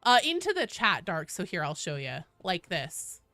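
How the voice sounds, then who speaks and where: A young woman live-streaming from a small home office, her voice bright and ringing and leaping up and down as she chats with viewers. The sound is dry and close, with no room echo. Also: fairly low pitch, huge pitch swings, normal speed, soft background music. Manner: chatty, talks to chat and her cat. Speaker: game streamer. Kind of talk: casual live-stream chat.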